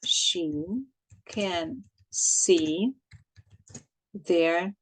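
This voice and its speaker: Slow-paced woman teacher. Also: fairly low pitch, poor audio. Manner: slow and repetitive, dictating answers, translating into Ukrainian. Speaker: English teacher. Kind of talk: recorded English lesson for children.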